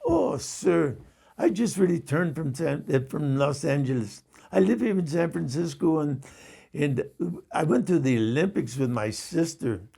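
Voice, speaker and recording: A man's voice: fairly high pitch, expressive, a little slow, gravelly, dark tone, husky, exaggerated voice. A man voicing a chatty, effusive male cab driver with an Indian accent, who keeps politely calling his passenger "sir". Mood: gushing.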